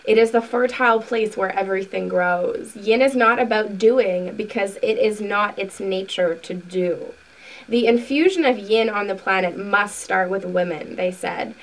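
A woman hosting a spiritual video, reading a book passage aloud slowly and earnestly, then talking casually to her viewers. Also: mid-range voice, recorded from a distance, rough recording. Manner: slow, soft, earnest reading with asides.

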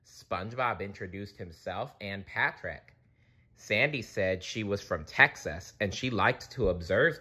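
A man reads a children's storybook aloud in a low, unhurried voice. His tone is bright, and his pitch moves in a lively way. He stumbles now and then and fixes his words. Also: husky. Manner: expressive, occasional slips and self-corrections. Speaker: storybook reader. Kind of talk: children's book read-aloud.

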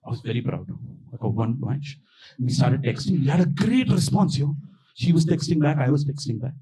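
Animated young comedian on stage. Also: male voice, medium pitch, a little fast, low-quality recording. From India. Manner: animated storytelling, acting out quoted voices. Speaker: stand-up comedian. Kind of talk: stand-up comedy set. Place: small outdoor backyard venue with live audience.

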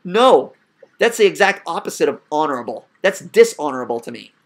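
A man's voice: a little high, very animated, a little fast. A man hosting a casual podcast discussion, making his points in an emphatic, argumentative way. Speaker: podcast host.

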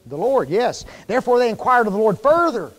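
A man preaching a sermon to his congregation in a folksy, conversational way, often pausing to quiz them with fill-in questions. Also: extremely high pitch, big pitch swings. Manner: folksy, informal wording. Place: church sanctuary. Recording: long reverb of a church hall.

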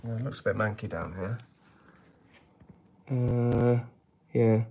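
Male musician hosting a casual home live stream, middle pitch, dry humour. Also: takes it slowly, warm tone, slight background noise. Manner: dry, joking asides. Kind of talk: casual chat reading viewer comments. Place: home flat, indoors.

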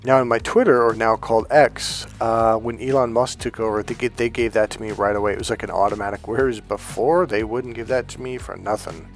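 Relaxed, rambling male coach. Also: fairly low pitch, a little fast, hardly any pauses, faint music behind. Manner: rambling and conversational, with restarts and "okay?" check-ins; calm, relaxed, comfortable delivery. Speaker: self-help coach and channel host. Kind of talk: casual direct-to-camera talk.

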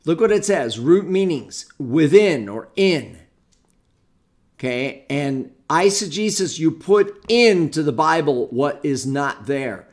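A man's voice: fairly high pitch, animated, slow pace. A man teaching an informal Bible study lesson on Greek grammar, explaining step by step and muttering to himself as he hunts through a book. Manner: rambling, talks to himself while hunting through a book.

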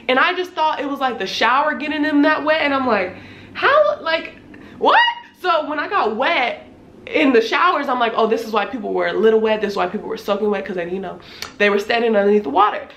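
A woman in her twenties, a little hoarse, retelling a scary experience in a casual, animated storytime vlog, swearing freely. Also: sits high, reverberant. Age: 20s. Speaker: vlogger.

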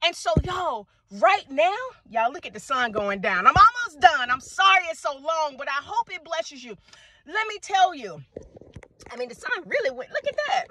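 A middle-aged woman, telling her faith testimony to viewers in an animated, preacher-like way and calling them y'all. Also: high voice, normal speed, background noise. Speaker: vlogger sharing a faith testimony. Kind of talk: casual testimony talk to viewers. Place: outdoors at sunset.

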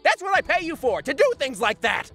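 A man voicing a theatrical, manic male clown villain with a high, crooning, gleeful delivery. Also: big pitch swings, moderate pace, a bit bright, soft background music, heavily acted. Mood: flustered.

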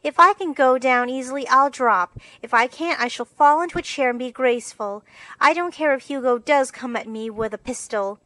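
A woman's voice: sits high, moderate pace, bright, forceful tone, dry recording, voice pushed up, low-quality recording. A woman voicing a prim, fussy little girl with a petulant way of talking, in a storybook reading.

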